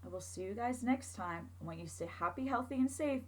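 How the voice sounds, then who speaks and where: A woman teacher reading a picture book aloud to children, expressive and asking them questions along the way. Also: on the high side, a little fast, slightly rough, poor audio.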